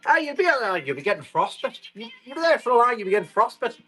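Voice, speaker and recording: A jolly man from Cork with a lilting Cork accent, as a man puts him on. The voice rides up well above his normal pitch, sing-song and bright. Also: very animated, fast talker, soft background music, full character voice. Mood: teasing.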